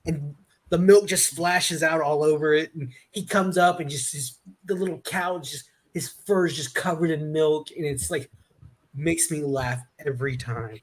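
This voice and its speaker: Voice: medium pitch, normal speed. A stream panelist in casual chat, telling stories in a rambling way and restarting sentences.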